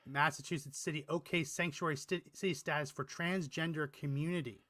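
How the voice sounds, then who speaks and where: A man co-hosting a political talk show in a bright, fairly high-pitched voice. He meanders and restarts his sentences, with the odd chuckle. He is recorded on a close, completely dry mic. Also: fairly even intonation, fairly quick, no echo. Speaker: podcast co-host. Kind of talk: casual political chat.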